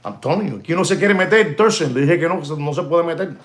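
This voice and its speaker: Excitable man hyping watches. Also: a little high, fast talker. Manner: animated, mixes Spanish exclamations into English, thanks viewers by name. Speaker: watch dealer hosting a live stream. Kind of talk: excited live-stream watch showcase.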